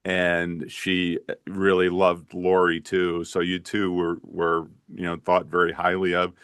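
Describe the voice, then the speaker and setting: Older male host, low voice, dry close sound, recalls and encourages. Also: completely flat delivery, a little slow, smooth, no echo. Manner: warm recollections, short encouraging replies. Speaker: host, former professor. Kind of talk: casual interview.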